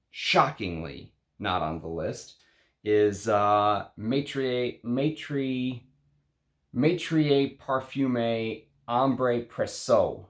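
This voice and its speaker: Chatty low-voiced man reviewing perfume. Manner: chatty, emphatic, many fillers and restarts. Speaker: fragrance reviewer. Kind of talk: casual perfume review monologue.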